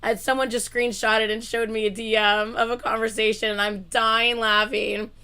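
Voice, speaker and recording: A woman hosting a casual livestream, chatting excitedly and laughing loudly between lines. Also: on the high side, normal speed, clear, resonant tone. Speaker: livestream host.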